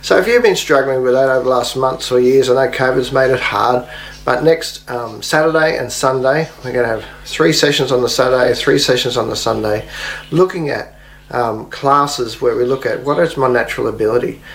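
Friendly man, mid-pitched, encouraging. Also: moderate pace, creaky, slight background noise, rough recording. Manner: friendly and encouraging, relaxed delivery. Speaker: pastor. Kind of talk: recorded video message to a church.

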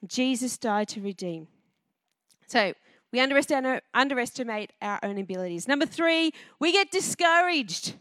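High-voiced woman preaching a lively sermon. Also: normal speed, no room sound, clean studio sound. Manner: lively and conversational, asks the congregation questions. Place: church before a congregation.

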